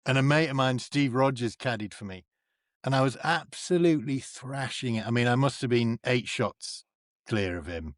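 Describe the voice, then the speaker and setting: A man from North East England tells stories in a lively, animated way, jumping up in pitch whenever he mimics someone. His voice sits at an ordinary middle pitch and is recorded dry and close with no room sound. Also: moderate pace, dry recording. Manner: animated storyteller who acts out quoted people with big pitch jumps. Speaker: guest, comedian and actor. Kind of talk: casual chat.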